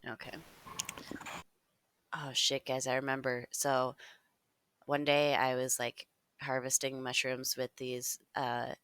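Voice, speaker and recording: A man's voice: medium pitch, monotone, slow pace, pauses often, fairly bright tone, clear, resonant tone. A man playing a tabletop game, telling a rambling, laid-back joking story to the group. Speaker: player. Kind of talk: casual game chat.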